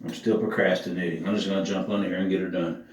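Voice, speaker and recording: A man's voice: low-pitched, flat delivery, fast. Profane guy, echoey and far off. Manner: profane, joking, whooping. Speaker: vlogger. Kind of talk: casual vlog monologue. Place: outdoor shower. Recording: echoey, from off the mic, with running water.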